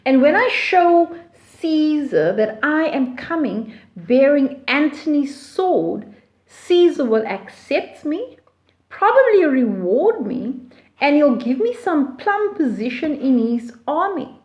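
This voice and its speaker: A woman's voice: high-pitched, big pitch swings, slow, darkish tone, lo-fi sound, full character voice. Woman playing a scheming traitor soldier. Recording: roomy echo.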